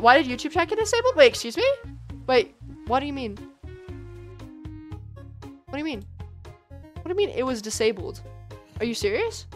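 A young woman with a high, bright voice chats and giggles her way through a live gaming stream, talking straight to her viewers. Faint game music plays under her voice. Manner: giggly, chatty, talks straight to chat, calls people bro. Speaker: livestreamer.

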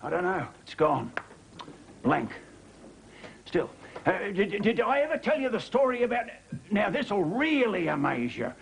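A man's voice: high voice, big pitch swings, unhurried, vocal fry, pauses often, exaggerated voice. An actor playing a forgetful man who rambles and loses track of his story. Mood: rambling. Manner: hesitant, forgetful, full of ums. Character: rambling forgetful man telling a tall tale. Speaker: sitcom character. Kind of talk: sitcom acting.

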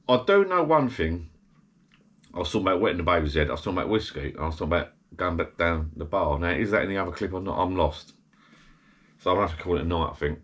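A man's voice: lowish voice, fairly bright tone. A middle-aged man, slightly tipsy, rambling chattily to camera from his small garden shed bar. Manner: rambling, chatty, self-interrupting. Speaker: vlogger. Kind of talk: casual rambling chat to camera.

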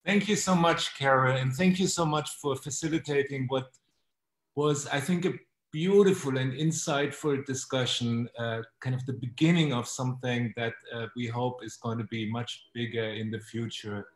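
A man, a professor co-hosting a webcast panel, giving closing remarks on a video call in a thoughtful, halting way that repeats words. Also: mid-range voice. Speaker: professor and co-host. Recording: echoey room audio.

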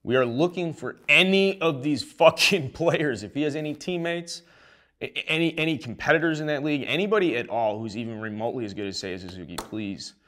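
A young man hosting a sports show rants in a rowdy, rambling, comedic style, swearing freely. His voice is a little high and he talks fairly quickly, sounding excitable and profane.

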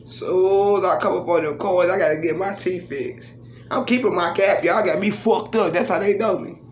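A woman's voice: fairly low pitch, moderate pace, a little mellow, a little hiss or hum. A woman vlogging casually and breaking into profane, boastful freestyle raps, recorded in her living room. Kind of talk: casual vlog talk with freestyle rapping. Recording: roomy echo in a home.

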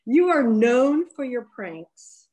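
A woman's voice: on the high side, big pitch swings, extremely slow, darkish tone. A woman calling in on a video call with a question, friendly and laughing. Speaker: caller.

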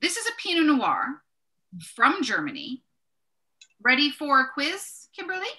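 In a casual wine tasting she co-hosts, a woman speaks with a high, bright, forceful voice that swings hugely in pitch, though her pace stays measured. She's chatty, enthusiastic about labels, and corrects herself as she goes.

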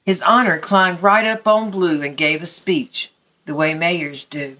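A woman reading a picture book aloud at story time, gently and expressively for young children. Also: lowish voice, fairly even intonation, measured pace.

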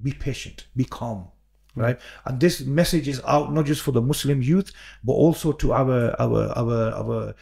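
A man's voice: medium pitch, unhurried, vocal fry, a little mellow. A man, guest on a podcast, talking earnestly with many fillers and repeated words. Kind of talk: casual podcast conversation.

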